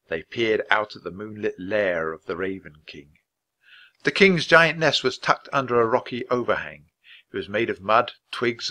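A man reads a children's adventure story aloud with a bright, forward tone. He keeps a clear, measured pace suited to learners. His reading is lively and expressive without rushing. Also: fairly low pitch. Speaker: storybook reader.

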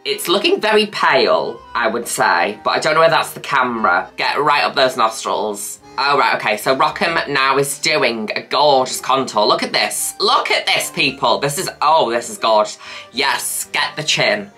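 Camp exclamatory woman, very low. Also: lively intonation, normal speed, sharp tone, soft background music. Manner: camp, exclamatory, cheering with playful swearing. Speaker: host reacting to videos. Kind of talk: reaction commentary.

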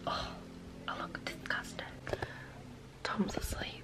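Tired British woman whispering at night. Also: slow. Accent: British English.

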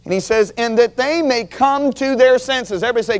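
A man with a notably high speaking voice delivers an earnest teaching sermon. He leans hard into key phrases and has his listeners repeat words back to him, in the manner of a seasoned preacher. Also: brisk, smooth. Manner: earnest, emphatic, calls on the audience to repeat words. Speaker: Bible teacher.

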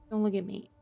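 A woman streamer giving live gameplay commentary, exasperated, swearing and laughing often.

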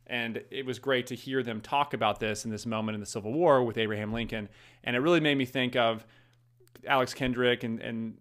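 A man's voice: medium pitch, fairly even intonation, fairly quick, a bit bright. Male host, mid-range voice, loose eager delivery full of fillers. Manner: rambling, eager, lots of fillers. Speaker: podcast host. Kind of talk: casual commentary.

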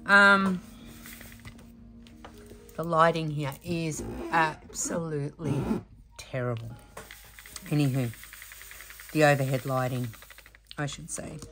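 A woman's voice: deep voice, steady tone, takes it slowly, long pauses, over music. A woman chatting casually while she does diamond painting, rambling with many fillers and restarts, and sounding emotional and worn out. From Australia. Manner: emotional, admits exhaustion. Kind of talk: casual chat while crafting. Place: home craft room.

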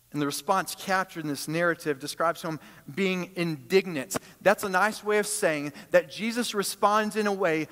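A man preaching a sermon, emphatic, swinging between loud high bursts and quiet low stretches. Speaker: pastor. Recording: long hall reverb.

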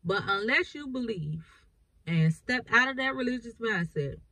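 A woman's voice: fairly high pitch, animated, a little slow, sharp tone, rough recording. A woman preacher, reading scripture and explaining it with emphatic repetition. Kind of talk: bible reading and sermon.

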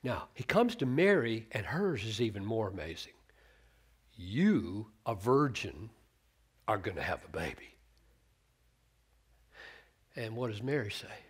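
A middle-aged man preaching a sermon, teaching on scripture in an earnest, animated way and quoting verses with changing emphasis. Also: medium pitch, unhurried, pauses often, slightly rough.

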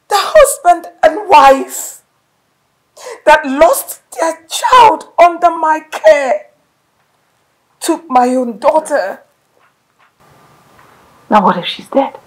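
A woman's voice: a little high, big pitch swings, measured pace, gravelly, a little mellow, heavily acted, low-quality recording. An actress with a Nigerian accent playing a crying mother whose daughter has been taken, swinging between whispers and outbursts. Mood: grief-stricken.

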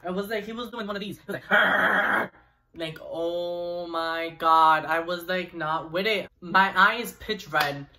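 A young man vlogger telling a personal story in an animated, chatty way with asides to viewers. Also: sits high, unhurried, few pauses. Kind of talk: storytime vlog.

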